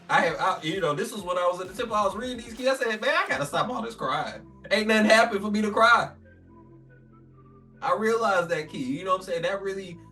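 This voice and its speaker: A man's voice: fairly high pitch, bright, forceful tone, recorded from a distance. A man teaching a scripture lesson. He reads the old text aloud, then explains it in casual slang and acts out the voices he quotes. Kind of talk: informal religious teaching.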